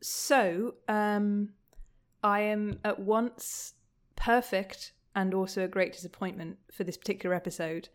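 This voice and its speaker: A woman's voice: medium pitch, little pitch movement, a little slow. A young woman from the UK, a podcast guest who chats casually, laughs often and hesitates with many ums. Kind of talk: casual chat.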